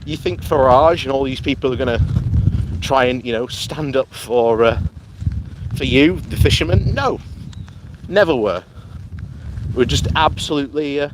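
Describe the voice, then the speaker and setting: A man's voice: medium pitch, normal speed, background noise. Chatty man talking on a walk. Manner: chatty and rambling, often laughing. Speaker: political vlogger. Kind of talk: casual political commentary while walking. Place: outdoors on a morning walk.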